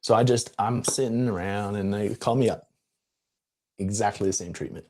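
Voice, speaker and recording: Husky man telling an animated story. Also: on the low side, moderate pace. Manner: animated, laughing, jumps into quoted voices. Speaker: coach. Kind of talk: casual storytelling on a live video. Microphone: live-stream setup.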